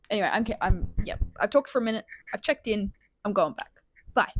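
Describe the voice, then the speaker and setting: A young woman, chatting excitedly at home in a casual reading vlog, often dropping into whispers, recorded on her camera's built-in mic. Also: medium pitch, brisk, no room sound. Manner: excitable, gushing, drops into whispers. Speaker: book vlogger. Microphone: camera mic, no external microphone.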